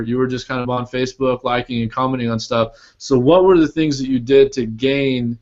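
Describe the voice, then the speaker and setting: Rambling male host on muffled audio. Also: mid-range voice. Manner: casual, rambling questions with many "like" fillers. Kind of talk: casual group call. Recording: dull lo-fi audio.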